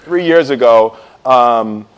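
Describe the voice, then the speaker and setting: A man's voice: medium pitch, takes it slowly, clean tone. A man telling a comic story to a live audience, acting out voices and laughing as he goes. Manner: animated, acts out voices, laughs while telling. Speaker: storyteller on stage.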